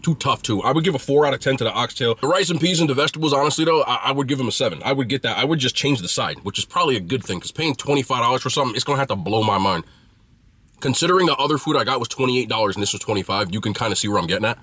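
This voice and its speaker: Man, husky voice, casual food review, blunt and chatty, slangy. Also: mid-range voice, animated, rapid-fire, fairly bright tone, dry recording. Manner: chatty, blunt, slangy, talks while eating.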